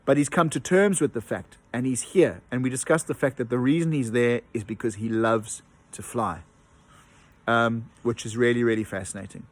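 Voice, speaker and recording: A man's voice: medium pitch, normal speed. A man teaching an online lesson from home, explaining patiently with many ums and uhs and tapping out rhythms aloud. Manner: hesitant with frequent ums and uhs.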